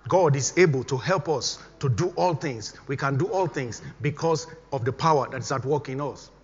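A man's voice: mid-range voice, normal speed, breathy edge. A middle-aged man from Nigeria, preaching a sermon as pastor, emphatic and repeating his exhortations. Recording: dull recording with long hall reverb.

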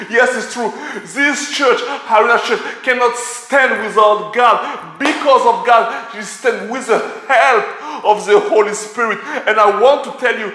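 Man, preacher, sermon, animated, echoey hall. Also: extremely high pitch, a little slow, few pauses. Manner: animated, repeats words and restarts often. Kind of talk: sermon with storytelling. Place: church hall.

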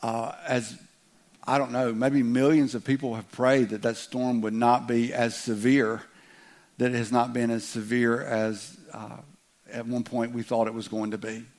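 A pastor with a Southern drawl preaches in a church, his voice sitting at an ordinary middle pitch for a man. He talks in a folksy, joking way, picking up speed when he reads scripture aloud. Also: flat delivery, a little slow, a little mellow. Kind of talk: sermon. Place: church sanctuary.

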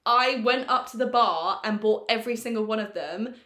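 A woman co-hosting a podcast, telling a story in a lively, swearing, self-mocking way. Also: on the high side, normal speed, reverberant. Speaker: podcast co-host. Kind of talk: casual storytelling chat.

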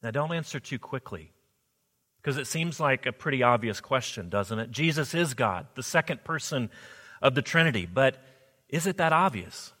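A man's voice: medium pitch, expressive, normal speed, pushed and bright. A man preaching a sermon as pastor, earnest, often asking the congregation rhetorical questions. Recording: long hall reverb.

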